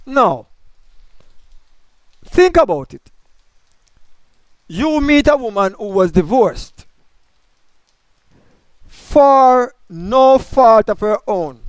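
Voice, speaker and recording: Male Bible teacher, high smooth voice, dry close sound; lectures by posing and answering his own questions. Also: sing-song, drawn-out words, long pauses, dry recording. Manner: asks questions and answers them himself; explains grammar point by point.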